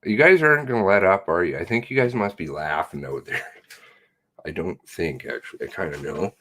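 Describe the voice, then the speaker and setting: A man's voice: sits low, expressive, brisk, fairly bright tone. A man live streaming, chatting casually and reading viewer comments aloud in a rambling, self-mocking way. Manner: rambling and self-mocking, jumping between laughs and mutters.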